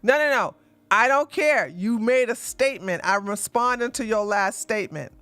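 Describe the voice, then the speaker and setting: A man's voice: high-pitched, lively intonation, moderate pace, bright, forceful tone, smooth, dry recording. A man hosting a livestream, ranting combatively and mocking his opponents with heavy profanity and repetition. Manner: repeats lines for emphasis, laughs scornfully. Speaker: livestream host. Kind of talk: livestream commentary rant.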